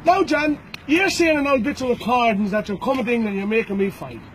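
Irish fighter guy, really high voice, taunting and threatening, keeps repeating himself, faint noise behind. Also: animated, fast, low-quality recording. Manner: taunting and threatening, repeats names and "boys" often. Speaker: bare-knuckle fighter. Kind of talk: recorded challenge to a rival.

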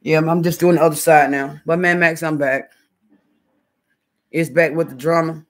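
The speaker is a middle-aged YouTuber from the southern US, chatting casually on a live stream as she cooks at home, sassy and blunt with frequent swearing. She sits low in pitch, steady in tone, and speaks at normal speed, though the recording quality is low.

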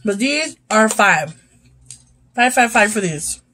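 A woman's voice: mid-range voice, expressive, slow pace, pushed and bright, a little hiss or hum, rough recording. A young woman chatting casually as she tastes and rates snacks, sometimes talking with her mouth full. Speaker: YouTube host. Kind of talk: casual snack review vlog.

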